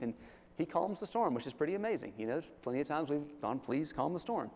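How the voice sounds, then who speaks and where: A man preaching a sermon in a folksy, animated way, acting out the quotes he tells. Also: medium pitch, a little fast. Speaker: pastor. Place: church sanctuary. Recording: long hall reverb.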